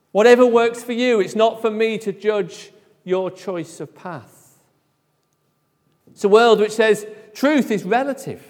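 High-voiced preacher in a reverberant hall. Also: male voice. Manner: emphatic, drops to a hush at phrase ends. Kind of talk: sermon.

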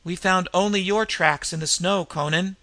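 A man doing a gruff Norse warrior. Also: sits high, fairly even intonation, normal speed, sharp tone, no echo. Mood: urgent. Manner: grunting, urgent.

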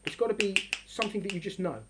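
A middle-aged woman teaching a lesson in an emphatic, animated way, full of rhetorical questions. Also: medium pitch, fast talker, noisy background. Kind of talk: lively classroom lesson.

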